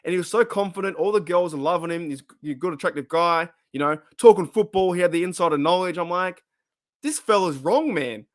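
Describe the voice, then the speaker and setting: A man's voice: high-pitched, quick pace, few pauses, no room sound, clean studio sound. A middle-aged Australian man hosting a live podcast, telling a long rambling story full of slang, restarts and laughter. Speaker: podcast host.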